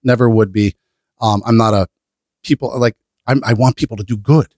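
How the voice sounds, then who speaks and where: A man talking as a podcast guest, blunt and animated, swearing freely as he tells stories about his business. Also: medium pitch, moderate pace, no echo, clean studio sound. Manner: blunt, profane, animated storytelling. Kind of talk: casual interview chat.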